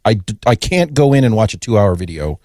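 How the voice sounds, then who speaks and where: A man co-hosting a podcast in a very deep voice. He talks fast and stumbles through restarts. The recording is dry and close. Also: big pitch swings, warm tone, dry recording. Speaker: podcast co-host. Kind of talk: casual podcast chat.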